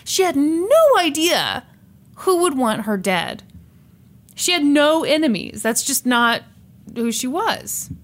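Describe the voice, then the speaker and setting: A woman's voice: sits high, big pitch swings, slow. A woman hosting a podcast, casually telling a true crime story, laughing often and swearing now and then.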